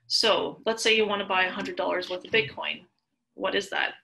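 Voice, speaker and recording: A woman's voice: medium pitch, fairly even intonation, normal speed, vocal fry, sharp tone, slight background noise, low-quality recording. A woman hosting a screen-share tutorial, chatty and explaining step by step with worked examples. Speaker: tutorial host.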